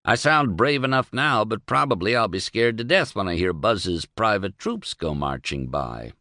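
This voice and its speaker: A man's voice: lowish voice, sing-song, normal speed, bright, forceful tone, no room sound, clean studio sound, exaggerated voice. A man voicing a wry, outspoken middle-aged man who rambles sardonically and with emphasis. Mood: sardonic.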